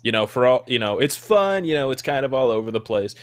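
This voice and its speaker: A man's voice: medium pitch, animated. Eager male podcast co-host. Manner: eager, quick to jump in. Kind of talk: casual chat.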